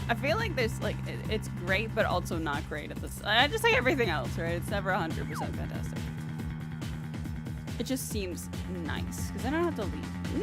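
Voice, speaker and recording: A young woman on a game stream who rambles casually, full of fillers and little laughs. Her voice sits in an ordinary middle range, and she slips into playful squeaky voices when talking about her pets. Game music plays clearly behind her. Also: wildly swooping pitch, moderate pace. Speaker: streamer playing a video game. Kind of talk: casual livestream chat.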